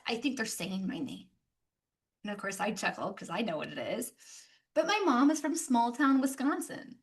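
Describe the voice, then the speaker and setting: A young American woman giving an animated business presentation, mixing practical points with playful travel stories. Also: a little high, moderate pace. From United States. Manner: lively, animated storytelling with playful asides. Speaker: speaker at a business session. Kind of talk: presentation talk.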